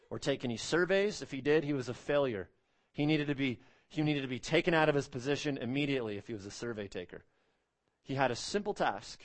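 A man preaching an expository sermon as pastor, earnest and emphatic, repeating phrases and stretching out key words. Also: fairly high pitch.

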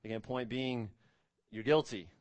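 A man's voice: measured pace, no echo. Emphatic male preacher, dry sound. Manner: emphatic, rising to stress key words and dropping low on solemn points. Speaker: pastor. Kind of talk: sermon.

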